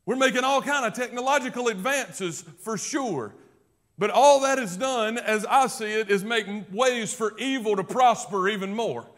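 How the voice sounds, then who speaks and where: Male pastor, high voice, emphatic sermon delivery with loud peaks and quiet stretches. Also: normal speed. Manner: emphatic, swings from loud declarations to hushed low passages.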